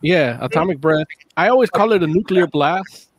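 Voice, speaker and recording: A man co-hosting a casual movie chat, explaining eagerly with quick restarts. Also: on the high side, animated.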